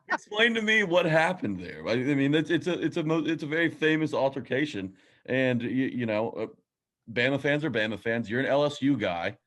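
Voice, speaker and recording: A male co-host with a lively, animated voice leads into questions with stops and restarts. He sounds amused and often laughs between lines. He is a casual, friendly interviewer. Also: medium pitch, moderate pace. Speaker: podcast co-host.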